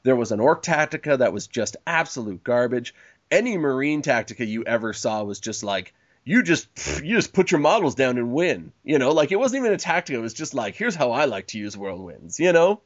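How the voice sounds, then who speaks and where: A man hosting a casual chat, animated and swearing freely, quoting people in mock voices, on a dull lo-fi recording. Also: mid-range voice, brisk, no echo.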